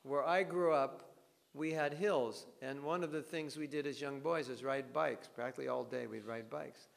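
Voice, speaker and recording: A man giving a devotional scripture class, telling stories in an animated way and acting out bits of dialogue. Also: medium pitch, moderate pace, gravelly, in a large hall.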